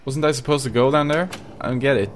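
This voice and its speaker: A man's voice: medium pitch, fast. A young man commentating a horror game, jumpy and swearing often as he talks to his viewers. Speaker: gaming YouTuber. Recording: noisy home recording.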